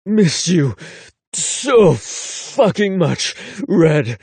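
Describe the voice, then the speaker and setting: A male narrator voicing a confident grown man who murmurs low and teasing in a romance audiobook. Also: sing-song, extremely slow, a little mellow, breathy edge, dry recording, full character voice. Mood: intimate.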